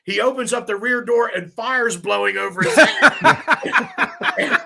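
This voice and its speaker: A man in his fifties, a firefighter lieutenant, telling animated, swearing stories on a podcast. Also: very high-pitched, moderate pace, gravelly, crowd noise. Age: 50s. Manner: animated, laughing, swearing storyteller. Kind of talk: casual storytelling.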